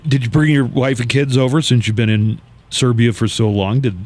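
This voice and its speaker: A male radio host runs a casual interview in an easygoing way and laughs often. His voice sits at a middle pitch. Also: fairly quick, darkish tone.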